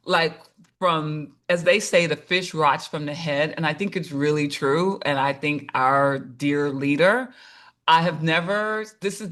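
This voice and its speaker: A woman in her fifties hosting a podcast, chatting casually and telling animated stories with quoted voices. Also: sits low. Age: 50s. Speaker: podcast host. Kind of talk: casual chat.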